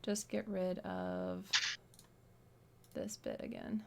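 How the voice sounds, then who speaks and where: This stream host's voice is fairly low, swinging hugely in pitch with vocal fry, against heavy background noise. Playing games and chatting with developers, she's bubbly, talkative and eager to gush.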